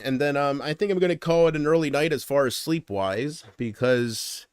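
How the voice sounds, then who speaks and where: A man chatting casually on a livestream, rambling and griping. He swings from loud complaints to muttered asides and trails off mid-sentence. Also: on the high side, normal speed, smooth, no echo, clean studio sound.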